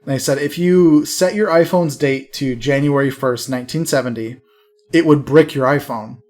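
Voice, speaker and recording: A man's voice: mid-range voice, normal speed, darkish tone. A man co-hosting a casual podcast, explaining an internet prank in a wry, laughing way. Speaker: podcast co-host. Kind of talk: casual chat.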